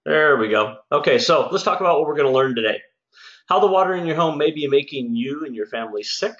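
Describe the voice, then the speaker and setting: A man's voice: on the high side, lively intonation, fast, a bit bright. A man who runs a home services business, hosting a casual sales webinar in an upbeat, folksy, chatty way. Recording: echoey room, slightly dull sound.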